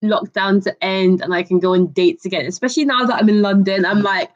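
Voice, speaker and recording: A woman's voice: medium pitch, fairly even intonation, a little fast, lo-fi sound. A woman hosting a casual live stream chat, bubbly and affectionate, calling callers darling and laughing often. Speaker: live stream host taking calls.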